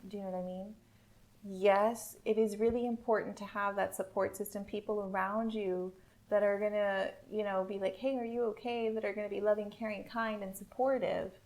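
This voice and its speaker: A woman's voice: mid-range voice, level tone, normal speed, a little mellow. A woman hosting a casual podcast chat, earnest and supportive, speaking in affirmations. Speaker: podcast host.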